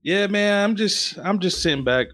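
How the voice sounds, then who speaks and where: A man's voice: high-pitched, animated, moderate pace, fairly bright tone, no room sound. A young man chatting casually on a podcast in a laid-back, teasing way. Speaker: podcast co-host. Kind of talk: casual chat.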